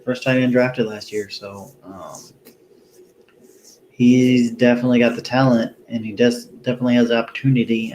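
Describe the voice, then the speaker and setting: A man's voice: medium pitch, a little mellow, a little hiss or hum, rough recording. Tired, rambling man talking football. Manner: rambling, lots of ums and restarts, easygoing. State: tired, yawning. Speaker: fantasy football podcast host. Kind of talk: casual solo commentary.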